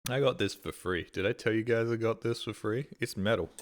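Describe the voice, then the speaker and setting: A man's voice: lowish voice, brisk, a little hiss or hum. Australian streamer, male, young adult, loose rambling chat on a headset, swears a lot. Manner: rambling, swears casually, mimics voices in quotes.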